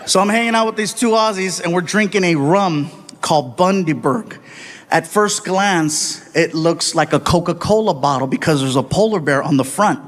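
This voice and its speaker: A man performing stand-up comedy, telling stories in an animated way and acting out the people in them. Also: sits high, normal speed. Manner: animated, acts out voices and shouts. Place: comedy stage before a live audience.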